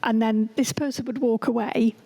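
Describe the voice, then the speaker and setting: A woman's voice: fairly high pitch, fairly even intonation, moderate pace, warm tone, poor audio. A middle-aged woman, a school principal being interviewed, telling anecdotes in an earnest way. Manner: earnest, acts out quoted dialogue. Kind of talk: podcast interview, anecdotal storytelling.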